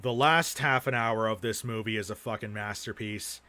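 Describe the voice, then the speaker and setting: A man's voice: fairly low pitch, normal speed, bright, forceful tone. Casual, profane young man streamer. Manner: profane, rambling, rants with heavy swearing. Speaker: streamer showing his film collection. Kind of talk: casual livestream chat.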